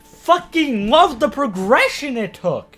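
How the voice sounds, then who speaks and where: A man's voice: very high-pitched, slow pace, faint music behind. A man giving casual commentary on an anime for his video channel, rambling and swearing freely. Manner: animated, profane, rambling.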